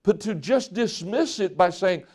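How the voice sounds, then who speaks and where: In a conversational sermon to his congregation, a pastor acts out little exchanges between couples. His voice is high-pitched and expressive, with a darkish tone, and he takes his time.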